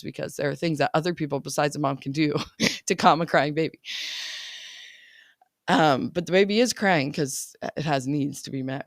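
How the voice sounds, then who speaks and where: A woman's voice: sits low, gravelly, dry recording, clean studio sound. A woman life coach talking casually in a chatty, laughing way, often checking in with "right?". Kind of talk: casual coaching podcast talk.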